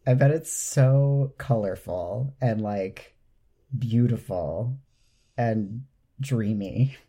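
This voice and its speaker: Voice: medium pitch, drawn-out words, dark tone, slightly rough. A podcast co-host in casual chat, ranting with indignant sarcasm.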